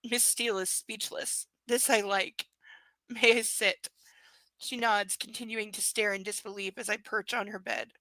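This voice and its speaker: A woman reads a novel aloud in a clear, bright voice. She keeps stopping for sarcastic, amused remarks about the characters. The sound is dry and close. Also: mid-range voice, steady tone, moderate pace, few pauses, no echo, rough recording. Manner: sarcastic asides, laughing at the text. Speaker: reader. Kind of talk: live book reading with commentary.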